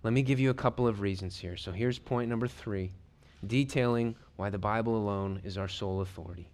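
A man preaching a sermon, reading scripture aloud and explaining it, building to emphatic points and then dropping low and quiet. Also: a little fast. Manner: drops to a low, quiet tone to drive points home.

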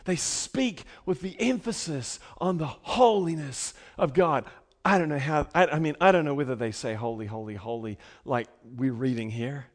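A man preaching a sermon, moving between quiet conversational asides and rhetorical questions and loud, shouted emphasis. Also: a little high, expressive, moderate pace.

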